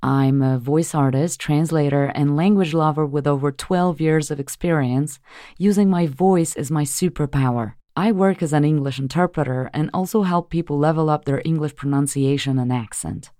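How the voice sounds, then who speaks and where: A woman's voice: sits low, normal speed, dark tone, dry recording. Upbeat American woman, dry studio read. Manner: upbeat, polished delivery. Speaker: voice artist. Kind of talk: voice demo reel.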